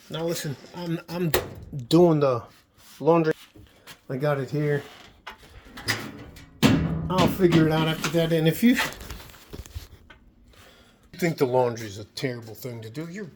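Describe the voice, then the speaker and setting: A man's voice: fairly high pitch, unhurried, pauses often, noisy background. A man vlogging in his home garage, talking in a rambling, profane, worked-up way. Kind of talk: casual vlog monologue.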